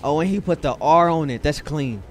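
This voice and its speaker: A man's voice: fairly high pitch, brisk, a little hiss or hum. Hyped young man gaming with slang. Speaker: gaming YouTuber. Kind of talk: let's play commentary. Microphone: headset. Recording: voice over game music.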